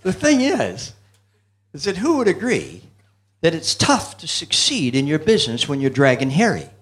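A man's voice: a little high, wildly swooping pitch, moderate pace, fairly bright tone. Joke-telling business seminar speaker, man. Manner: joke-telling, asks the audience questions. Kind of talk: motivational seminar talk.

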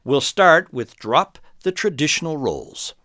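A man's voice: on the high side, sing-song, measured pace. An older man giving a sales training talk, chuckling often and acting out little scenes with quoted people.

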